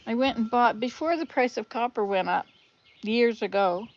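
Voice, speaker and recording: A woman's voice: fairly high pitch, moderate pace, highs cut off. Chatty woman rambling in her garden. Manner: chatty, rambling, self-chuckling. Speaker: vlogger. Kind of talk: casual live-stream chat. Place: outdoor garden with wind chimes.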